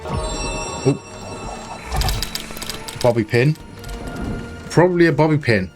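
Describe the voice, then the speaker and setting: A man's voice: fairly high pitch, animated, takes it slowly, music in the background. Chatty man playing a game. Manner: chatty, self-mocking, thinks aloud. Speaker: game streamer. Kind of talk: casual let's-play commentary.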